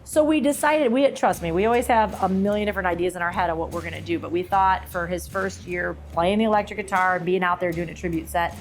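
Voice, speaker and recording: A woman from Toledo, Ohio, talking as a podcast guest, telling stories with lively acted-out quotes. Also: lowish voice, fast, hardly any pauses, soft background music. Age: adult, sings since her mid-twenties. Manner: animated storyteller, acts out quoted voices. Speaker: podcast guest, singer and lawyer. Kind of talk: casual interview chat.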